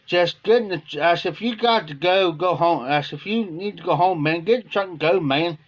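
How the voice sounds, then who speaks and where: On a live stream picked up by a phone or webcam, a man with an Ohio accent tells a casual, rambling story and acts out quoted dialogue in a folksy way. His voice is high and brisk, and the sound is lo-fi.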